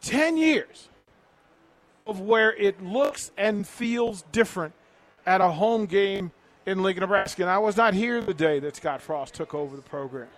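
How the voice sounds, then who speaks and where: A man's voice: high voice, measured pace. A middle-aged man, hosting a live radio remote from a restaurant patio, punchy and hype-building as he reads the sponsor's menu. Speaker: radio host on remote broadcast.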